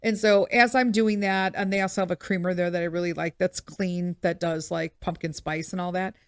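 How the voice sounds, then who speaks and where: A middle-aged woman hosting a podcast, telling a story in a blunt, swearing, animated way. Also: fairly low pitch, a little fast, smooth, no echo, clean studio sound. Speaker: podcast host. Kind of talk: casual storytelling monologue.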